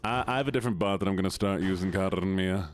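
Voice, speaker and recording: A man's voice: deep voice, quick pace, slight background noise. A man streaming a video game, chatting playfully with his viewers in casual commentary. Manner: playful, banters with chat, drops into silly voices.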